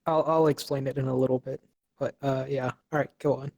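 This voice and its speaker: A man's voice: medium pitch, flat delivery, brisk, a little mellow. A young man co-hosting a podcast, recapping an episode casually with lots of fillers and restarts. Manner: hesitant, many fillers and restarts. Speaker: podcast co-host.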